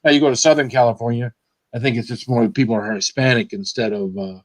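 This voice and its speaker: A man's voice: medium pitch, steady tone, quick pace, dry recording. A man from Michigan hosting a casual video chat, talking in a rambling, chatty way that repeats itself. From Michigan, USA. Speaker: channel host.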